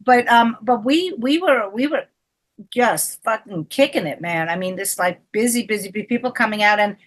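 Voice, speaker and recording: A woman's voice: mid-range voice, normal speed. A woman comedian guest telling rambling stories in a blunt, profane way. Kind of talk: casual chat.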